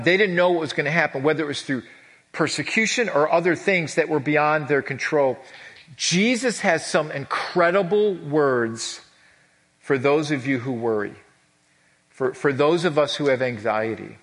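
A man's voice: fairly high pitch, moderate pace, fairly bright tone. A male pastor preaching a casual, conversational sermon, chatty and full of restarts and acted-out asides. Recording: long hall reverb.

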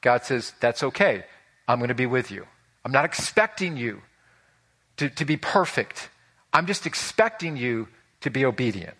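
A male pastor preaching a sermon in an animated way, asking the congregation questions. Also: medium pitch, moderate pace.

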